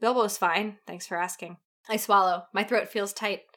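A woman's voice: mid-range voice, fairly even intonation, normal speed, pushed and bright. A woman co-hosting a comedy podcast, reading fan fiction aloud with dramatic flair and frequent giggles. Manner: giggly, breaks into laughter and off-key singing.

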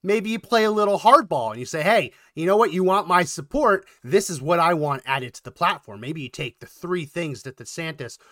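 A man co-hosting a political commentary podcast, talking in a quick, animated way and getting worked up. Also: fairly high pitch, no echo, clean studio sound. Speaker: podcast co-host.

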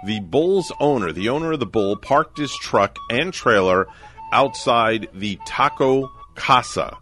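A man's voice: medium pitch, animated, unhurried, a bit bright, soft background music. A man hosting a casual morning radio show, telling odd news stories with jokes and teasing his co-hosts. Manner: joking storyteller, teasing co-hosts. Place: radio studio.

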